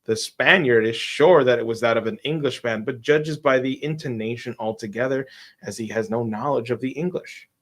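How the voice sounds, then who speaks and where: A man's voice: mid-range voice, moderate pace, a bit bright. A man reading a classic tale aloud. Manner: reads a detective's long speech, stumbling and restarting on words. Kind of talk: casual live-stream reading aloud.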